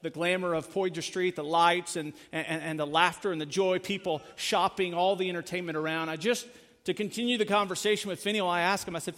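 A man preaching a sermon as pastor, earnest, rising in force and then dropping to a hushed close. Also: high voice, fairly even intonation, a little fast, few pauses. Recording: long hall reverb.

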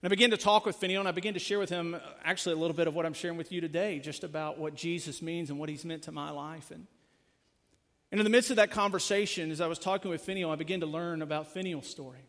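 Earnest pastor preaching in a reverberant hall. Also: male voice, a little high, quick pace. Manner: earnest, swelling then dropping to hushed. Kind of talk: sermon.

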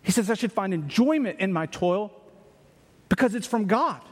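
A man's voice: high-pitched, expressive, moderate pace, husky, in a large hall. A man preaching a Sunday sermon, reading verses aloud and asking rhetorical questions, with emphatic restarts. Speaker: pastor.

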